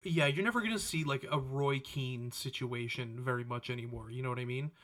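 Bright-voiced podcast co-host. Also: male voice, medium pitch, a little fast. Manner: hesitant, restarting his sentences. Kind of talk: casual chat.

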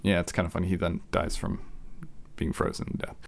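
A man's voice: sits low, little pitch movement, a little fast, creaky, no room sound. A man co-hosting a casual podcast, telling long, digressive stories full of restarts and side remarks. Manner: rambling, digressive storytelling with many restarts. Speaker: podcast co-host.

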